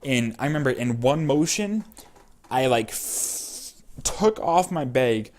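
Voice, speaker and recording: A man's voice: mid-range voice, expressive, takes it slowly, darkish tone. A young man vlogger casually telling a personal story, rambling with many fillers.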